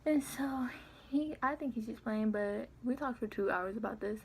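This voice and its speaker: An eighteen-year-old woman casually telling a story on her vlog, chatty and animated as she acts out what was said. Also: a little high, moderate pace, creaky, slight background noise. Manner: chatty, animated retelling with quoted dialogue. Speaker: vlogger.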